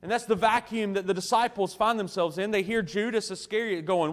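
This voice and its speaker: Male pastor, sermon, slightly high voice, earnest emphatic delivery, reverberant church sanctuary. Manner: earnest preaching with slow emphatic phrases and soft drops. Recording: long church hall reverb.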